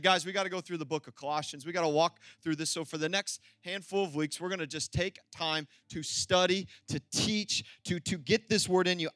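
A man preaching a sermon as pastor, animated and emphatic, calling out to the congregation for an amen. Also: high-pitched, no echo, clean studio sound.

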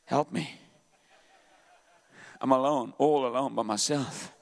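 A man preaching a sermon with passion, often shouting, racing through some phrases and drawing others out slowly. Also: medium pitch, gravelly. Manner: impassioned, frequently shouting; swings between rapid bursts and slow drawn-out phrases.

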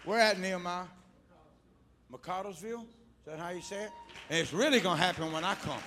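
A male evangelist preaching fervently at a church altar call, shouting one moment and coaxing quietly the next as he calls back and forth with the congregation. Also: sits high, a little fast, a crowd in the background, noisy background. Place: church service before a congregation.

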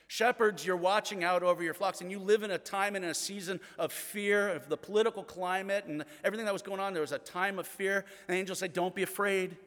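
Pastor, male, middle-aged; earnest sermon delivery, slightly high voice, hushed passages, long reverb of a large hall. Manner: earnest storytelling, drops to hushed tones.

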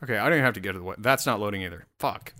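Talking very fast in a low, sharp-toned voice, a man hosts his own show alone. His rant is rambling and full of curses, with frequent self-interruptions and restarts.

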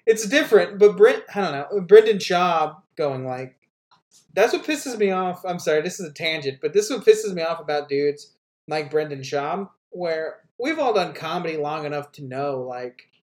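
A man's voice: fairly high pitch, animated, normal speed. Ranting profane male podcast comedian. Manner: profane, ranting, laughs often. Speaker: podcast co-host. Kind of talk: casual comedy podcast chat.

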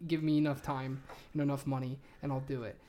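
A man co-hosting a podcast, relaxed and teasing, with casual swearing throughout. His voice sits at an ordinary middle pitch. He is recorded close on a podcast microphone. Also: fairly quick, a crowd in the background. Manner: laid-back, teasing, profane. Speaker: podcast co-host. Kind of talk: casual chat.

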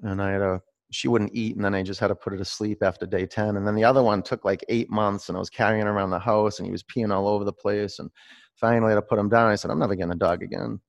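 A man's voice: fairly low pitch, fairly even intonation, fast, creaky. A man leading a live-streamed yoga class, giving pose cues between rambling, laughing asides. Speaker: yoga teacher.

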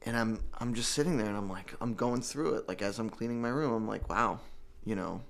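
A man giving an emotional personal testimony about recovery, earnest and halting, with many restarts. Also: mid-range voice, gravelly. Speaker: guest telling his recovery story.

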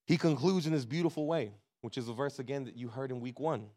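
Brief: male pastor, middle-aged, preaching in a relaxed, slangy, storytelling style, medium pitch. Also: fast. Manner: casual, conversational preaching with slang and laughter. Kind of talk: sermon with storytelling.

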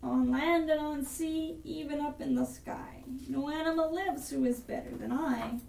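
A woman voicing a boastful male rabbit for a storybook, bragging in a lively voice. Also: sits high, a little slow, vocal fry. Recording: echoey room, mic far off, with instrument playing.

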